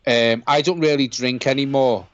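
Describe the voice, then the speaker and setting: Here a man with a medium-pitched voice speaks at a moderate pace with fairly even intonation, co-hosting a football watch-along stream. He chats casually and reads out donations, heartfelt and full of swearing. The recording has no echo but lacks the highs.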